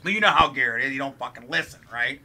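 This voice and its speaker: A young man from Ohio telling a wild story while playing a game, swearing constantly and animated. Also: mid-range voice, quick pace. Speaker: let's play co-host. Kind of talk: profane storytelling during a game.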